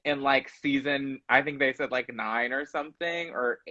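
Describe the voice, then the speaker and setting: A man's voice: medium pitch, normal speed, pushed and bright. A young man chatting casually as a guest on a live stream, rambling with lots of fillers. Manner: rambling, hesitant, many fillers. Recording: dull lo-fi phone audio.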